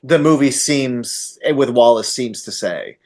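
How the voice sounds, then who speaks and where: A man on a podcast, casually discussing a horror film with animated energy and loose swearing. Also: mid-range voice, unhurried. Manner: animated, swearing, quotes scenes in voices. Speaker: podcast host.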